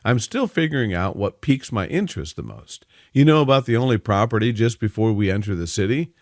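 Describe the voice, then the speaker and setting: A man's voice: on the low side, animated, brisk, dry recording, clean studio sound. A man doing a chatty easygoing young man. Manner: casual, talkative.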